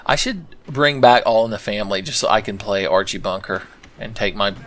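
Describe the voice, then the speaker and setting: A man's voice: on the low side, fairly quick, a bit bright. A man commentating his own gameplay with sarcastic, profane, rambling asides. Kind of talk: let's play commentary.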